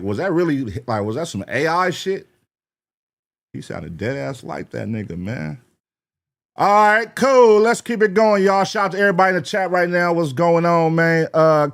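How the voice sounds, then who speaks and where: A young man hosting a live reaction stream, talking loosely with profane slang, laughing and shouting out names from the chat. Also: a little high.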